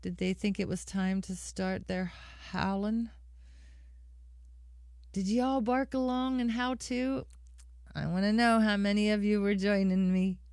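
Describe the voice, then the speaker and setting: A woman's voice: mid-range voice, steady tone, a little slow, darkish tone, clean tone, dry recording. A middle-aged woman hosting a live music stream, chatting casually with viewers and calling them by name. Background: guitar accompaniment.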